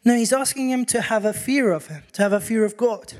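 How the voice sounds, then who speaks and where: A man preaching a sermon, telling a personal story with animated acted-out quotes. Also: very high voice, brisk.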